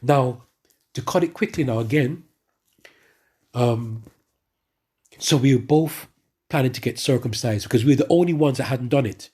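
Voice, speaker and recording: A man giving a spoken religious testimony to his congregation, telling his story in an animated way with many asides and restarts. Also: medium pitch, moderate pace, pauses often, slightly rough. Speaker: church member giving testimony.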